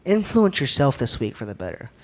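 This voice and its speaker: A man's voice: mid-range voice, big pitch swings, fairly quick. A young man giving an upbeat, joking church talk, often asking the crowd questions. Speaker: youth speaker.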